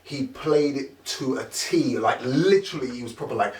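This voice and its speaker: A middle-aged man, a podcast guest telling animated anecdotes and acting out the quoted lines. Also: medium pitch, normal speed, a little hiss or hum.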